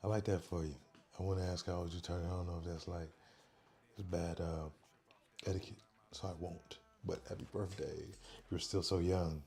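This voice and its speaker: A man hosting a casual livestream, talking softly and quietly into a microphone worn on his neck. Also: low voice, level tone, moderate pace. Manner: soft, quiet, chill talk, reading chat aloud. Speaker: livestream host.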